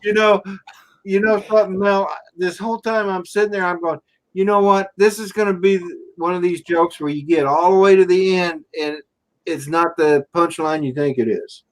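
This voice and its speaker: Guy with a high voice just chatting, amused. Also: normal speed, poor audio. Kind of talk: casual chat.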